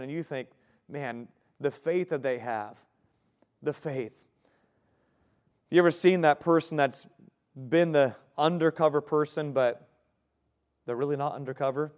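A man's voice: on the high side, a little slow, long pauses, darkish tone. A man preaching an evening sermon, earnest and direct, asking the listeners questions and now and then laughing lightly. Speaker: pastor.

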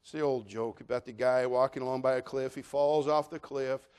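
A man preaching a sermon as pastor, folksy and full of jokes, swinging between loud declarations and hushed asides. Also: mid-range voice, steady tone, a little fast, clean tone.

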